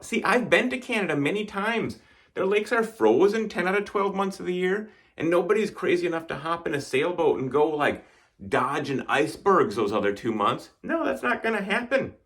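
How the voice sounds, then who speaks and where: A man's voice: a little high, fairly bright tone. A man from northern Wisconsin performing a stand-up comedy routine with a dry, wry delivery. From northern Wisconsin, United States. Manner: dry wry delivery, acting out quoted voices.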